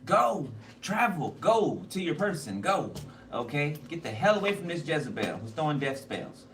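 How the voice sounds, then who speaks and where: A man's voice: fairly high pitch, sing-song, moderate pace, a bit bright. Blunt, cussing man reading tarot cards. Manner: blunt, profane, repetitive. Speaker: tarot card reader. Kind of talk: casual card reading to camera. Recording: noisy, distant mic.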